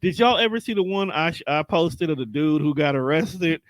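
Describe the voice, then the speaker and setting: A man's voice: fairly high pitch, moderate pace, no room sound. A man co-hosting a podcast, chatting casually, joking and laughing easily. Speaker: podcast co-host. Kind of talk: casual chat.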